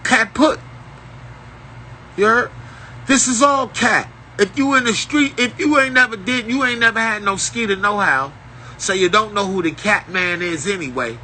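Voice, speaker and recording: A man's voice: sits high, normal speed, sharp tone, slight background noise, poor audio. A man at home giving a rambling, profane, streetwise monologue in a freewheeling casual style. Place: at home, indoors.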